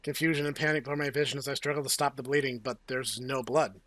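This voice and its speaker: A man's voice: medium pitch, steady tone, fast, fairly bright tone, no echo. A man hosting a let's play, reading game text aloud with playful, jokey asides. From United States. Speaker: host.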